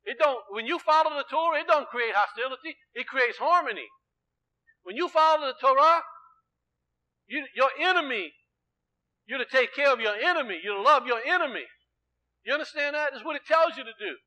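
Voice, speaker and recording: A male preacher with a high, bright, ringing voice delivers an emphatic sermon. He keeps quizzing his listeners with questions and swings between loud exclamation and low, quiet explanation. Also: animated, a little fast, long pauses, low-quality recording.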